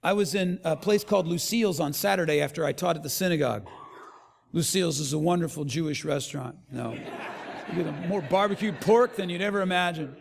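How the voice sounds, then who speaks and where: A man with a high, gravelly voice delivers a sermon and acts out each person in his stories. His voice rings through a hall with a long, lingering reverb. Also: a little fast. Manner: animated storyteller acting out quotes. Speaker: pastor.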